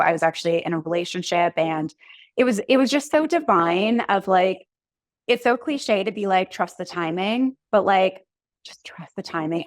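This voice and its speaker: Woman, 30s, coach guest on a podcast; mid-pitched, chatty storyteller, dry close recording. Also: dry recording. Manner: chatty, animated storytelling with many "like"s. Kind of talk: casual conversational interview.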